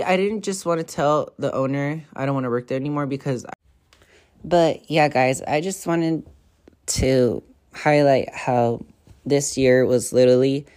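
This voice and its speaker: A woman's voice: extremely low pitch, darkish tone. A young woman hosting a podcast, telling stories in a rambling, profane, casual way full of fillers. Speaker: podcast host. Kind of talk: casual storytelling chat.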